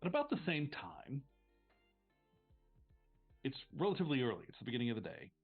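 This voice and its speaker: A man running a tabletop game as game master, narrating in a relaxed, halting way with fillers over a video call. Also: mid-range voice, husky, faint music behind. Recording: tinny call audio.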